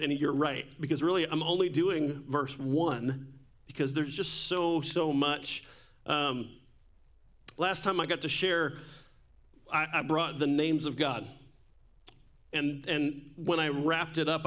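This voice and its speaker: A pastor preaches into a handheld or stage microphone in a church sanctuary, telling stories in a casual, joking way. His voice is a little high and slightly bright.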